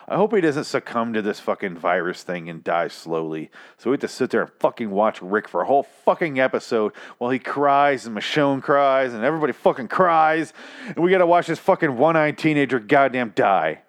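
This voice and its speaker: An exasperated young man rants through a TV episode review, cursing freely and mocking the writers in put-on voices. His pitch leaps up and down in lively swings. Underneath he sounds tired and achy, with a drink in him. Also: normal speed. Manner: profane, exasperated ranting with mocking impressions. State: tired, achy after whiskey. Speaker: podcast host.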